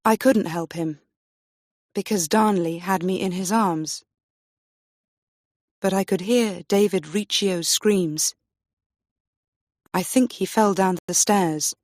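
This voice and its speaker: Very slow, careful female story reader. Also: medium pitch, a little mellow, no room sound, clean studio sound. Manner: slow, clear, careful reading for learners. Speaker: English teacher.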